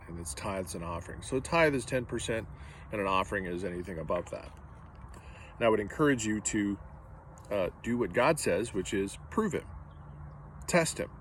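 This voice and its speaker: A man's voice: fairly low pitch, lively intonation, normal speed, long pauses, a bit bright, a little hiss or hum. A man preaching a sermon as pastor, earnest and direct, driving points home with repetition.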